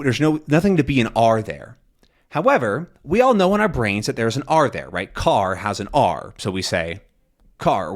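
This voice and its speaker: A young man teaching a casual lesson, talking in a relaxed, rambling way, often correcting himself and acting out sounds. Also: medium pitch. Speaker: language teacher.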